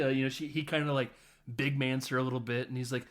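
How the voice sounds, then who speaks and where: Talking at a quick pace with a medium-pitched voice, a podcast host gives a casual movie recap. He keeps laughing and brings the film to life by performing characters' lines in their voices.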